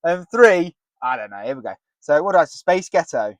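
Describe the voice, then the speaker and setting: High-voiced man joking on a podcast. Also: big pitch swings, fast, no room sound. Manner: jokey, laughs often, sings snatches of songs. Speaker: podcast co-host. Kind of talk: casual chat. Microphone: headset with earpiece.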